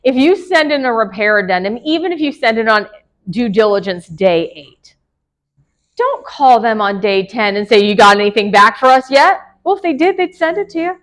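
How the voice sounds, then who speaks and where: Woman broker, higher voice, chatty lecture to a room of agents, quick laughs. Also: animated, poor audio. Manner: chatty, laughs often, asks the room questions. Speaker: real estate broker teaching agents. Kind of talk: casual classroom lecture.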